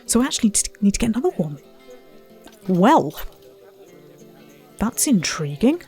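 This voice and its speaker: Woman, let's play commentary, lively swooping pitch, muttered asides, faint music behind. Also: moderate pace. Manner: chatty, self-mocking, muttering to herself and the animals. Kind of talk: casual gameplay commentary.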